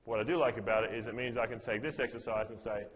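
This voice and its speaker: A man's voice: on the low side, fairly even intonation, quick pace, big-room sound, rough recording. A man teaching as a fitness master trainer, explaining movements to a group step by step and repeating his cues. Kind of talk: coaching a group workshop.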